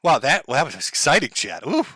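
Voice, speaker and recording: A man on a live stream, talking loosely and sardonically, with a bright, lively voice that swings around a lot. He laughs often and hams up fake distress. The sound is dry and close, with no room around it. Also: fairly high pitch, fairly quick, breathy edge, no echo. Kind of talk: casual live-stream talk. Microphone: headphones and desk mic.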